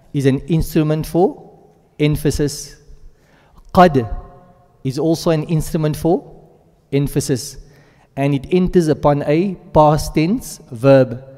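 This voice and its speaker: In a classroom, a male Quran teacher walks through his lesson step by step, frequently checking in with the class and rattling off Arabic verb forms in quick runs. His voice is a little high and warm, with a big-room sound.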